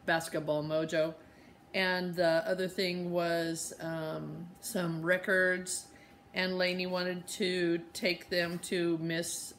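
A woman who reads a children's novel aloud in a relaxed, conversational way, after recapping the last chapter with many fillers. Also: fairly low pitch, a little hiss or hum.

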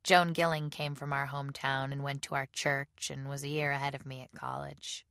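A woman reading a novel aloud as an audiobook narrator, in measured storytelling. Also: very deep voice, a bit bright, dry recording, studio quality. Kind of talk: scripted narration.

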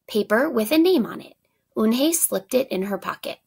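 A woman teacher reading a picture book aloud to children, pausing to ask them for their predictions. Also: a little high, lively intonation, vocal fry, husky. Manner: pauses to ask prediction questions, warm asides.

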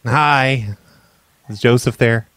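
Stammering deadpan man making prank calls. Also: medium pitch, slow pace, no room sound. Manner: stammering, mock-apologetic, deadpan. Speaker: prank caller and show host. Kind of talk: prank phone call comedy.

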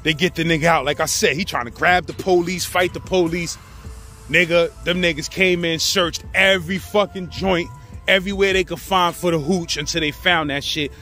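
A man with a New York accent telling prison stories in a casual, animated, slangy way. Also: fairly high pitch, normal speed, faint music behind. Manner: animated, slangy, acts out the people in his story. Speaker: storyteller host.

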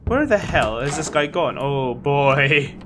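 Lively man commenting a game. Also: on the high side, slow. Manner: casual, swearing, reads game text aloud. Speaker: gaming video host. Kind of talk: let's-play commentary. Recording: home recording with clear background noise.

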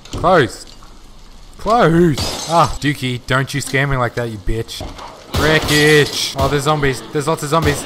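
Excitable young man gaming, noisy. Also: medium pitch. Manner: excitable, joking, swears a lot. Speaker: gamer playing online. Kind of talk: excited gameplay commentary. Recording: noisy game audio.

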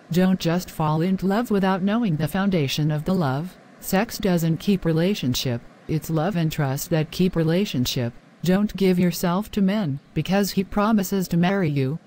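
Woman preaching a moral lesson at the end of a cartoon, earnest, lowish voice. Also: dark tone. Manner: earnest and exhorting. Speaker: Christian channel narrator. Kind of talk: moral lesson and appeal to viewers.

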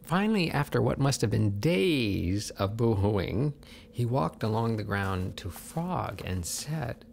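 A man voicing a mischievous trickster raven who narrates an animated film, teasing and playful. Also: fairly low pitch, creaky, slight background noise, heavily acted. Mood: sly. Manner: teasing, slow storytelling with lively swings.

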